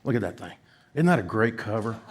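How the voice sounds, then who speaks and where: A middle-aged man with a Southern US accent tells an audience a folksy, self-mocking story. His voice is fairly low, with lively intonation and a slightly quick pace, and there's a little hiss or hum in the recording.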